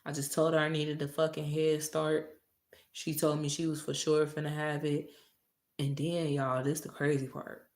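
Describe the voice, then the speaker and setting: A woman's voice: deep voice, normal speed. A woman telling a story casually, cursing freely and acting out a heated argument. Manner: profane, animated retelling that acts out heated arguments. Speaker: storytime vlogger. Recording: roomy echo.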